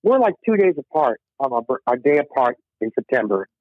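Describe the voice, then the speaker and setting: A man's voice: medium pitch, sing-song, a little fast, dry recording. Heartfelt musician man on a tinny phone. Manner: rambling, heartfelt, many restarts. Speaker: musician guest. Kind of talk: emotional storytelling interview.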